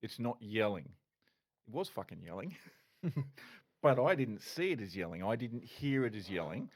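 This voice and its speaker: A man's voice: medium pitch, animated, normal speed, slightly rough. A middle-aged man, a former police officer, telling his story candidly as a podcast guest, swearing and restarting often.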